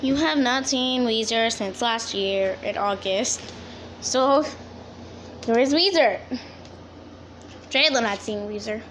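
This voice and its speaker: A woman's voice: on the high side, slow, pauses often, a bit bright, a little hiss or hum. Young woman cooing at her dogs. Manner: fond baby talk to dogs. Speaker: vlogger. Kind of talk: casual vlog talking to pets. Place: grandmother's home, in and out of doors.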